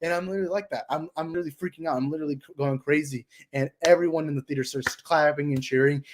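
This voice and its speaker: A young adult man hosting a casual movie discussion livestream, excited and rambling, with lots of fillers. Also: fairly high pitch, fast. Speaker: channel host.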